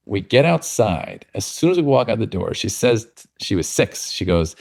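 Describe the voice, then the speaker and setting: A man with a fairly low voice, speaking as a podcast guest. He tells stories earnestly and reflects as he talks, in a casual conversational tone. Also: very animated, normal speed, gravelly, few pauses, a little mellow. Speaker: guest author.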